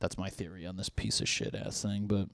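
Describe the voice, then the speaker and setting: A man's voice: low-pitched, fairly even intonation, fairly quick, dry recording. A young man hosting his own podcast, rambling and riffing with plenty of swearing and acted-out bits of dialogue. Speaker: podcast host. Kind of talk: solo podcast rant.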